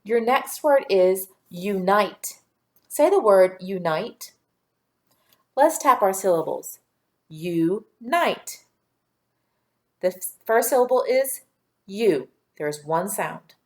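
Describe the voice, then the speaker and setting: A woman teacher giving a patient, clearly spoken phonics and dictation lesson for young children. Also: medium pitch, a little mellow.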